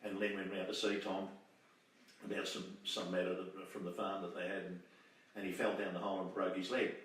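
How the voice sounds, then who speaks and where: A man's voice: sits low, flat delivery, fairly quick, fairly bright tone. An older Australian man telling rambling, chatty anecdotes and laughing at old memories. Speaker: storyteller. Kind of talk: casual reminiscing. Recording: distant mic in echoey room, faint hiss.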